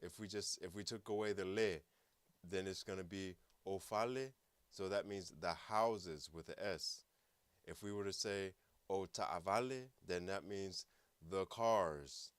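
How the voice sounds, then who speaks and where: Deep smooth-voiced man teaching. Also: no room sound. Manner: patient, explains step by step, repeats words for practice. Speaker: language teacher. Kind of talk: online language lesson.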